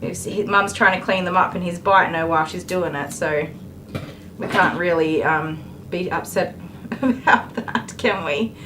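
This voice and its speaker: A woman's voice: on the low side, unhurried, background noise. An Australian woman working as a dog groomer on a live stream. She jokes with viewers and soothes the dog with baby talk.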